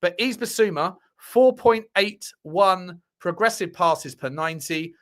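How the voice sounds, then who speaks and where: Bright-voiced man hosting football livestream. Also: sits high, animated, unhurried. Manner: chatty, swears casually, restarts and thinks aloud. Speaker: football channel host. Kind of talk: casual livestream football talk.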